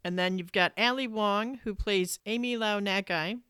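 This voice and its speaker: Woman, podcast co-host, casual chat, smooth clear voice, dry close sound, animated and swearing. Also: medium pitch, moderate pace, no room sound. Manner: animated, swears freely, acts out exasperated reactions.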